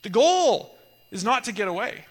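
A man preaching a sermon, earnest and animated, swinging to loud emphatic peaks as he tells stories. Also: sits high, moderate pace, husky, long reverb tail. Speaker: pastor.

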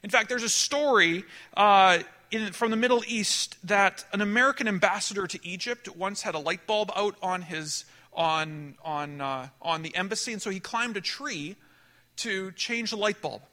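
A man preaching a sermon, telling a story with animated delivery that swings between emphatic and hushed. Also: high voice, moderate pace.

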